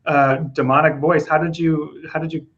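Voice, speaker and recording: A man's voice: on the high side, little pitch movement, normal speed, a bit bright, highs cut off. A man interviewing an actor, asking eager, fan-like questions.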